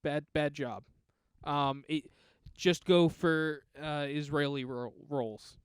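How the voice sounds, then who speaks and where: A man's voice: fairly high pitch, slow, clean tone, no echo, clean studio sound. A man co-hosting a casual movie podcast, giving blunt, strongly held opinions. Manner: blunt, opinionated, animated when riled. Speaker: podcast co-host. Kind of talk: casual movie review chat.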